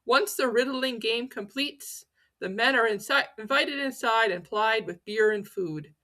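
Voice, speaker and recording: A woman's voice: fairly high pitch, unhurried, pushed and bright. A woman hosting a folklore channel, telling its stories in a playful, theatrical way with self-mocking asides. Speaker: host of a pagan folklore channel. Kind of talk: playful educational storytelling.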